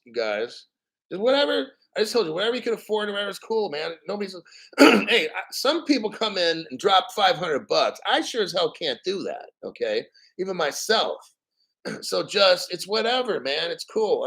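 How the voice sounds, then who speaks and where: A man's voice: high-pitched, vocal fry, a bit bright. A man hosting a crypto channel in casual livestream chat, blunt, profane and rambling.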